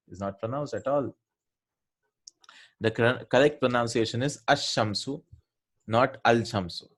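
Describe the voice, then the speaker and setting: Man teaching an Arabic lesson. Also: mid-range voice. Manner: explanatory, checks in with "right?" often. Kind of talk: classroom revision lesson.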